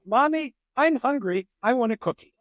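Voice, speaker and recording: A man's voice: very high-pitched, animated, normal speed, no room sound, highs cut off, pitched above the performer's own voice. A man voicing a six-year-old boy who keeps begging his mother for a cookie. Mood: whiny. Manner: pleading, insistent.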